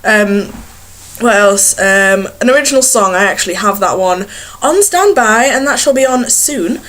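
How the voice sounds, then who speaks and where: A woman's voice: fairly high pitch, animated, moderate pace, a bit bright. A young woman chatting casually to a webcam in a small bedroom, rambling and giggling at herself. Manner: rambling, giggly, self-mocking. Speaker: vlogger. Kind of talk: casual chat to camera.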